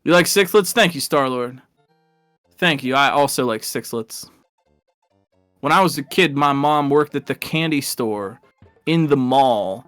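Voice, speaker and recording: A man's voice: medium pitch, unhurried, pauses often, fairly bright tone, clear, resonant tone, dry recording, soft background music. A man casually commentating a live video game race, rambling and chatty, laughing at his own stories.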